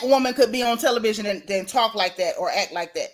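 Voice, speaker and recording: A middle-aged woman, hosting a casual gossip livestream, animated and sassy as she reads out viewer comments. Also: mid-range voice, fast talker. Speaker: livestream host.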